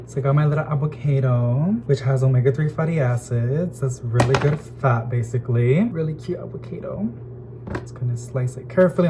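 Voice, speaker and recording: Chatty excitable man vlogging at home. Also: medium pitch, background noise. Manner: chatty, excitable, addresses viewers as y'all. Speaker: plant vlogger. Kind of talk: casual chatty vlog. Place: home kitchen. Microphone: phone camera.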